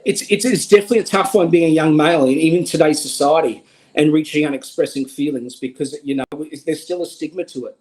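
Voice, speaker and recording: A man's voice: on the high side, fairly even intonation, fast talker, a little mellow, low-quality recording. A young man with an Australian accent, speaking earnestly as a guest in a livestream conversation and often repeating a word as he starts a thought. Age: young adult.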